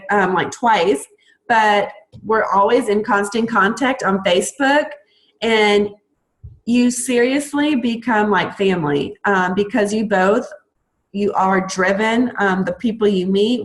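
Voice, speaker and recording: A woman's voice: medium pitch, rough recording. A young adult woman, a fitness coach, talking enthusiastically on a recruiting call, with frequent ums.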